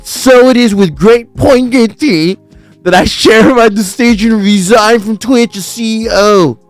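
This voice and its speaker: A high, smooth voice of an earnest, nerdy male tech executive, as a man puts him on. He reads slowly and with exaggerated sincerity, in a mock statement. The sound is dry and close. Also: dry recording, soft background music.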